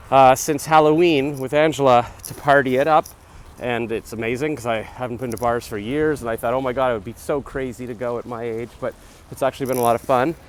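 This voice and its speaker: Rambling man in his forties vlogging outdoors. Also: a little high. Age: 40s. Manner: rambling, self-deprecating, chatty asides. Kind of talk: casual rambling vlog while jogging. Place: outdoors on a city street. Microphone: phone camera held while jogging. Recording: faint street noise outdoors.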